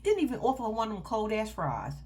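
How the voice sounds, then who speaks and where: A woman's voice: fairly high pitch, huge pitch swings, fast talker, a little mellow, slight background noise. A woman giving casual commentary on a reality show, blunt, heated and full of profanity, and talking straight to her viewers. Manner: addresses viewers directly as "y'all".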